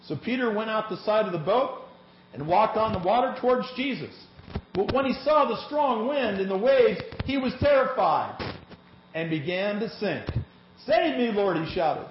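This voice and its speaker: A male pastor preaching a sermon, reading scripture aloud in an animated way to a congregation. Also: high voice, normal speed, slight background noise. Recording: echoey, slightly dull church recording.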